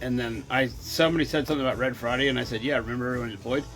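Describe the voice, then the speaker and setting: A man's voice: medium pitch, fairly even intonation, racing, a bit bright, soft background music. A man hosting a casual chat show, talking bluntly and teasing his co-host.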